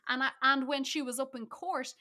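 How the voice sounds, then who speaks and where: A woman co-hosting a podcast, talking through a film in a quick, lively way. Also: high-pitched. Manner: lively, quick, laughs often. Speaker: podcast co-host. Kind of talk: casual film review chat.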